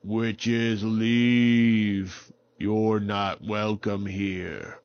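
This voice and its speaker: Brief: talking tree giant, put on by a man, drawn-out commands, dull lo-fi sound. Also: steady tone, clean tone. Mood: stern. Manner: slow, booming, drawn-out.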